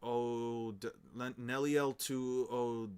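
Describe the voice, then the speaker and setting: A young man talks to his stream chat in a loose, profane ramble, stuttering over the same words again and again. His voice sits in a middle pitch and climbs loud and fast whenever he starts ranting. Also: steady tone, slight background noise. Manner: stammers and repeats words. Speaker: streamer reading manga aloud to chat. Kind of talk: casual livestream chat and manga read-aloud.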